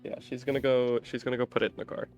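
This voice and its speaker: A man's voice: mid-range voice, flat delivery, very fast, faint music behind. A man playing a tabletop game, casually describing what his character does. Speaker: player.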